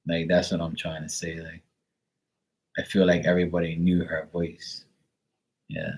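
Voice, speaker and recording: A young man with a very low, deep voice gives a live psychic reading. He talks in a loose, rambling way, piling up fillers and casual swear words as he searches for the right phrase. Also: completely flat delivery, moderate pace, a little mellow. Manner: rambling, hesitant, filler-heavy with mild profanity. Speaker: psychic tarot reader.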